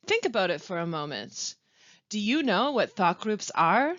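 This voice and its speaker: A woman who works as a language support specialist, presenting a pronunciation webinar with clear, deliberate teaching and careful pauses. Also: medium pitch, big pitch swings, fairly bright tone, no room sound. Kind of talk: instructional webinar narration. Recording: dull, lo-fi dry voice-over.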